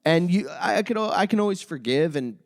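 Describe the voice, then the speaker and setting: A young man and comedian chatting casually as a podcast guest, telling an animated story and swearing a lot. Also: high-pitched, a little fast, creaky. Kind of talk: casual chat.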